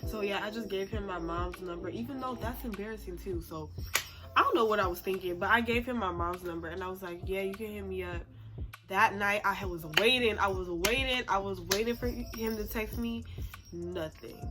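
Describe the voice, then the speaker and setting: A woman's voice: mid-range voice, moderate pace. Chatty young woman telling a story. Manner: chatty, full of "like" fillers, laughs at herself. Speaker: storytime vlogger. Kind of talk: casual storytelling. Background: background music.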